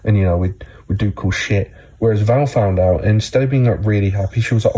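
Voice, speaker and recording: A man's voice: low voice, steady tone, fast, mellow, low-quality recording. A man casually recapping a TV episode for his channel, rambling with lots of filler words and swearing.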